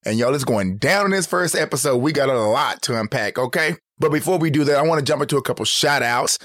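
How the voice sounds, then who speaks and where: A man co-hosting a podcast in a casual, animated, playful chat. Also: medium pitch, quick pace, no echo, studio quality. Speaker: podcast co-host.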